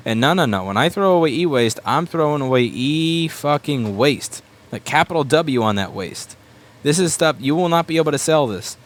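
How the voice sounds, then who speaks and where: A repair shop owner ranting bluntly and with plenty of swearing as he works at his bench. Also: mid-range voice. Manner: blunt and sweary, with quick mocking asides. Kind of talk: profane ranting while working.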